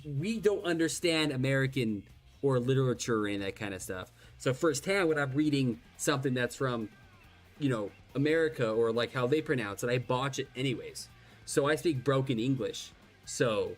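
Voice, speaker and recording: An Irish man with a medium-pitched voice chats casually while streaming a game. He rambles and puts himself down, restarting sentences often and swearing a lot.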